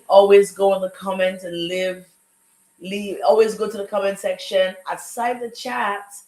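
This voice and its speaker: A woman's voice: mid-range voice, echoey room, poor audio. A woman with an African accent hosting a live talk show, greeting viewers and a guest with effusive energy. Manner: exuberant, effusive welcomes. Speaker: host. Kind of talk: upbeat live show chat.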